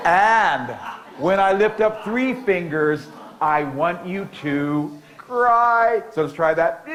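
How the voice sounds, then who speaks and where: Playful storytelling man, higher voice. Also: measured pace, a crowd in the background, poor audio. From United States. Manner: playful, leads audience participation with cues; repetitive, rhythmic oral storytelling. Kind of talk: storytelling talk to a conference audience.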